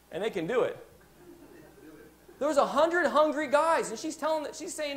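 A pastor preaches a sermon in a church, telling a Bible story and acting out the words of its characters in animated fashion. His voice is extremely high-pitched and a little fast.

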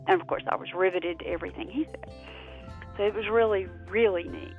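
A middle-aged woman from South Carolina, casually recalling a memory in an animated, halting way. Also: medium pitch. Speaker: interviewee. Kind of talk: casual recollection. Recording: phone-quality voice with soft music.

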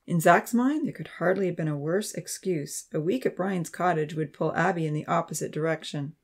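A man narrating a Christian youth novel in a steady, clear storytelling voice. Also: fairly high pitch, fairly quick. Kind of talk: audiobook narration.

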